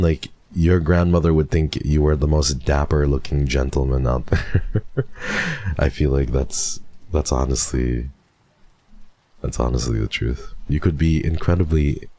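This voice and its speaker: A male VTuber chatting with his live audience. His voice sits extremely low with a gravelly, creaky edge. He talks in an easygoing, chatty way and often breaks into soft laughs. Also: no room sound. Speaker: VTuber streamer. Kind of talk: casual chat with live stream viewers.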